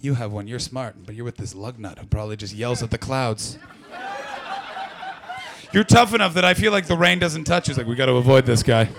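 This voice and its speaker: A man's voice: medium pitch, brisk, long pauses. A man from Canada doing stand-up crowd work, brash and profane as he teases the audience. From Ottawa Valley, Canada. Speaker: stand-up comedian.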